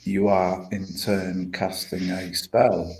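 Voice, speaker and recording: A man's voice: low-pitched, flat delivery, a little mellow, poor audio. A man in casual stream chat, rambling and swearing as he talks things through. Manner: rambling, swears a lot, slow and emphatic.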